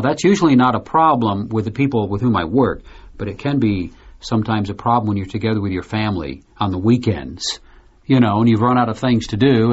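Deep, husky man hosting a discussion. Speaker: host. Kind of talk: scripted learner podcast discussion. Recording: dull lo-fi recording.

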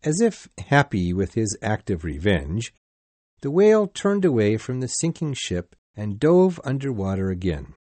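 A man narrating a sea story in a deliberate, clearly paced reading. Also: fairly low pitch, sing-song, mellow, no room sound. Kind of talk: slow simplified-English story reading.

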